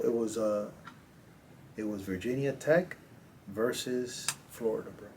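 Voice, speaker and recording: A man, a coach, casually telling stories as a podcast guest, animated and slangy. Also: on the low side, normal speed, slight background noise. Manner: animated, slangy, acts out quotes. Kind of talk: casual storytelling in a podcast interview.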